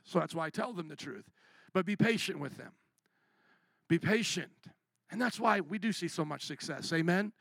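A male pastor delivers a fervent sermon in a high voice with gravelly fry running through it. He surges to loud declarations and then sinks to quiet asides. The sound is dry and close, with no room around it. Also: no echo. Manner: impassioned, swinging from loud to hushed.

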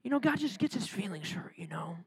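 A man's voice: sits high, very animated, fairly quick, husky, dry recording, pitched below the performer's own voice, exaggerated voice. A man imitating a young coworker who dismissively insists God only gets sad. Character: young man shrugging off God's anger.

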